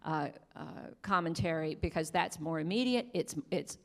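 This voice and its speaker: A woman journalist speaks on a discussion panel in a fairly low voice. She halts often, with fillers and restarts, and pleads earnestly. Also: moderate pace.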